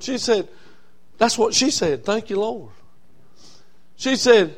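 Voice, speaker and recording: A man preaching a sermon as a Baptist pastor, telling a story that swings from quiet and low to loud and raised. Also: expressive, takes it slowly, long pauses.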